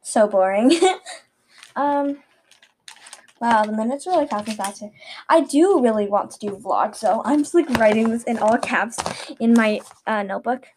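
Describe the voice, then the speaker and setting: A teenage girl chats through her own solo podcast in a loose, rambling way, laughing at herself as she goes. Her voice sits a little high, and she talks into a webcam mic from across a bedroom. A faint hiss runs underneath. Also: moderate pace, long pauses, darkish tone. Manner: rambling, giggly and self-conscious. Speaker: podcast host. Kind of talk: casual solo podcast chat. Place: bedroom at home. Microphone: webcam mic at a distance.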